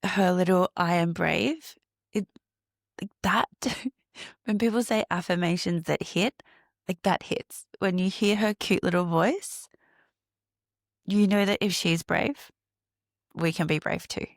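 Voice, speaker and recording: A woman hosting her own podcast, reflecting on healing and breathwork, laughing often and slowing into a guided meditation. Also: lowish voice, fairly even intonation, no room sound, clean studio sound. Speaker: podcast host and breathwork coach.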